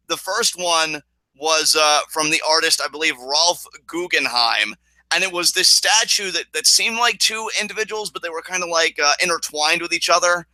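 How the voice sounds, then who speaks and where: A man co-hosting a casual wrestling review podcast, excitable and swearing as he recaps. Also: a little high, normal speed, dry recording, rough recording. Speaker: podcast co-host.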